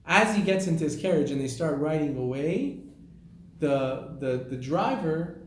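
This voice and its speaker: Animated male rabbi, lively pitch, echoey room with faint ambience. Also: measured pace, slight background noise. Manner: animated storyteller using Hebrew terms. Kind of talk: storytelling sermon.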